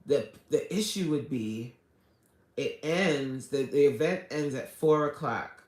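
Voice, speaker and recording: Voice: mid-range voice, takes it slowly, a little mellow. An adult livestreamer chatting casually with viewers, greeting them by name and pleading for subscribers. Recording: echoey room.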